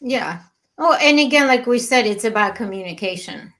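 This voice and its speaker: A woman's voice: fairly high pitch, expressive, normal speed, a bit bright. A middle-aged woman, a matchmaker hosting a live chat show, talking chattily and telling stories with laughs. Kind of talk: live-streamed casual chat.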